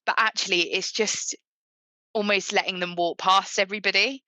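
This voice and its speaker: A woman's voice: mid-range voice, steady tone, normal speed, pushed and bright, no room sound. A young woman in her twenties, a guest on a podcast, chatting casually about her puppy and often saying "like". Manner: chatty, frequent "like" fillers. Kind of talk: podcast interview.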